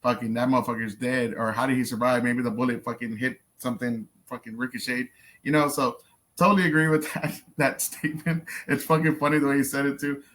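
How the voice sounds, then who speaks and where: A man's voice: medium pitch, level tone, brisk, fairly bright tone. A man hosting a reaction video, talking in a blunt, profane, casual way. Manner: profane, blunt, lots of fillers.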